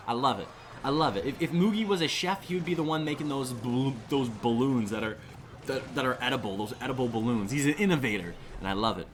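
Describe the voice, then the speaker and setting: Excitable male esports commentator. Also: medium pitch. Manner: excitable and rambling, with frequent restarts. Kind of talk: live esports commentary with chat shout-outs.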